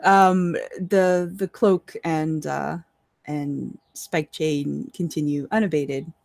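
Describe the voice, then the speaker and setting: A woman narrates a tabletop game as dungeon master, laying out each scene in a calm, measured way. She often pauses on fillers. Her voice is recorded dry and close, with no room sound. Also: sits low, gravelly, dry recording.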